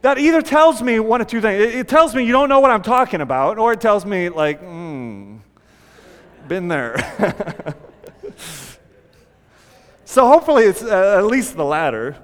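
High-voiced pastor guy preaching, lots of energy, acts out freaked-out prayers, big echoey church. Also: lively intonation, fast, hardly any pauses, clean tone. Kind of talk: sermon.

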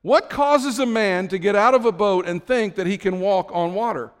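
A man with a fairly high voice preaches a sermon in a storytelling way. He swings from low, quiet asides up to high, excited bursts. His voice rings with the long reverb of a large hall. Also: moderate pace, clean tone. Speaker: pastor.

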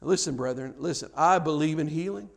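High-voiced animated male preacher. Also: brisk, vocal fry. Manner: animated storyteller, acts out dialogue, stammers on repeats. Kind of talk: sermon with storytelling.

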